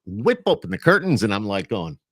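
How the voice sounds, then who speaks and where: A man's voice: lowish voice, big pitch swings, fairly quick, dry recording, studio quality. A man with an Upstate New York accent hosting a podcast, chatty and rambling as he talks with a guest over a video call. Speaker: podcast host. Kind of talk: casual interview chat.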